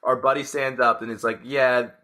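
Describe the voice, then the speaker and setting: A young man with a mid-range, bright voice talks in an easygoing way on a casual podcast. He laughs easily as he goes. He sounds relaxed with his friend. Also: mid-range voice, fairly quick. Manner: laid-back, laughs often. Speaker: podcast co-host. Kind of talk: casual chat.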